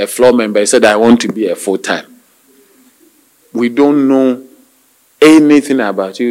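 A male pastor preaching a sermon, calling out hallelujahs and amens, with hesitant restarts and slow, drawn-out emphasis. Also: mid-range voice, rough recording. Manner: call-and-response preaching with frequent hallelujahs.

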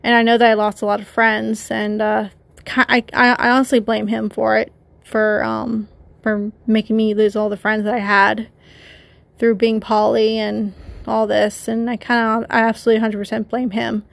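A person with a feminine voice hosting a confessional solo podcast, talking haltingly with many restarts and addressing listeners directly. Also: female voice, on the high side, little pitch movement, vocal fry, dry recording. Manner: conflicted, rambling, talks to listeners. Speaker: podcast host.

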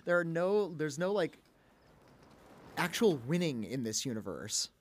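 Chatty, laughing podcast film critic. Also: male voice, on the high side, very animated, a little slow. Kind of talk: casual film discussion.

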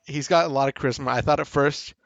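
A man in his ordinary mid-range voice, chatting as a podcast co-host in a relaxed, joking way. The recording is close and dry. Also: medium pitch, quick pace, no echo, dull audio. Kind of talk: casual chat.

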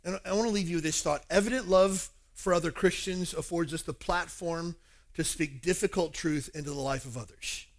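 A male pastor preaching a sermon, animated and acting out dialogues. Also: on the high side, brisk.

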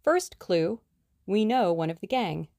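A woman reading the lines of a brisk, bossy young woman sleuth in an audiobook, speaking emphatically and decisively. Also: medium pitch, lively intonation, mellow, no echo, clean studio sound.

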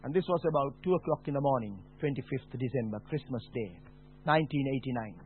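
A man preaching a personal testimony, dropping to a hush and then rising to a shout. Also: medium pitch, a little hiss or hum. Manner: slow, dramatic, swings from hushed to shouting. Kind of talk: testimony sermon. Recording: tinny phone-like sound.

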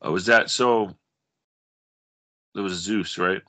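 A man's voice: low-pitched, slow, bright, forceful tone. A man co-hosting a podcast in casual chat, laid-back and rambling. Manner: laid-back, rambling, with playful bits of mock radio-announcer voice. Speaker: podcast co-host.

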